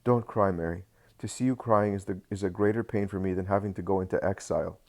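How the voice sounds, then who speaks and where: A devoted husband speaks with firm, calm reassurance, as a man reads his part. The voice is very low and earnest, as in a slow storybook reading. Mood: reassuring.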